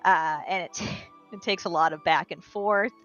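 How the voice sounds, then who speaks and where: A woman recapping the last tabletop game session for the group, in a brisk storytelling way. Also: lowish voice, a bit bright, soft background music. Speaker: player giving a recap. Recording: dull lo-fi sound.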